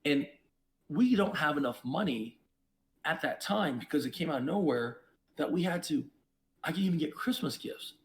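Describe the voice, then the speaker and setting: A man who is a podcast guest, telling his own story in an emphatic, preachy way, with sudden jumps in pitch and loudness. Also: expressive, normal speed. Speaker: podcast guest, investor and entrepreneur. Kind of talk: reflective storytelling.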